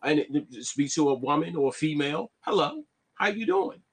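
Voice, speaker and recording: A man talking, animated, often restarting and asking "you see what I'm saying". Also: on the high side, moderate pace, husky. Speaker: vlogger. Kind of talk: casual live-stream monologue.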